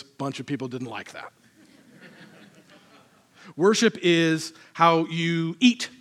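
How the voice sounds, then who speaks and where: A man's voice: a little high, a bit bright. A man, a pastor, preaching a sermon in a conversational, self-deprecating way.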